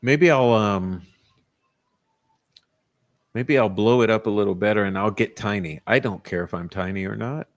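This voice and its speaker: A man's voice: on the low side, moderate pace, long pauses. A man hosting a casual livestream, ranting combatively and profanely, with frequent restarts. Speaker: livestream host.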